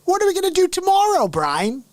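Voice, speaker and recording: A man voicing a goofy, dim-witted male cartoon mouse in a squeaky, silly voice. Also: wildly swooping pitch, brisk, dry recording, exaggerated voice. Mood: giddy.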